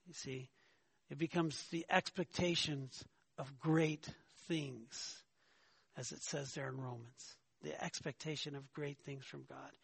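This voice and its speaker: Guy preaching a sermon, kinda high voice, emphatic, keeps saying right?, dry close sound. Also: steady tone, unhurried, creaky, fairly bright tone, husky, no echo. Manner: emphatic preaching, asks "right?" often, rises in pitch when arguing. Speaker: pastor.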